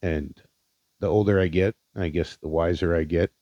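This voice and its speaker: Man, solo podcast host, low voice, dull lo-fi sound. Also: fairly even intonation, moderate pace, mellow, no echo. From Indiana, Pennsylvania, USA. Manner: rambling, profane, sincere, with many fillers. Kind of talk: casual solo podcast monologue. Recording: dull lo-fi dry recording.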